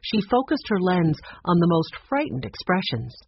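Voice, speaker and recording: A narrator reading a children's mystery story aloud in a steady, expressive way. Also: mid-range voice, normal speed, vocal fry, breathy edge, dry recording. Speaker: audiobook narrator. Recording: dull, slightly lo-fi dry recording.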